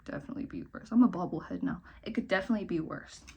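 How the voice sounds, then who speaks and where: Racing along in a mid-range voice with a breathy edge, a young woman vlogs while applying makeup in a get-ready-with-me clip. Her chat is rambling and self-mocking, flipping between cheerful remarks and under-the-breath mutters.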